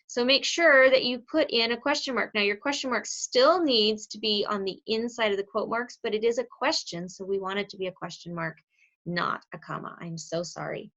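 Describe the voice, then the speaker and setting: A woman's voice: a little high, normal speed, fairly bright tone. A woman teaching a grammar lesson on video in a chatty way, stopping to correct her own slips. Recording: slightly dull lo-fi recording.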